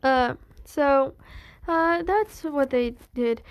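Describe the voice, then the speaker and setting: A woman's voice: high-pitched, extremely slow. Rambling young woman telling a story. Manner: rambling, full of fillers and restarts. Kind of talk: casual fan-story telling.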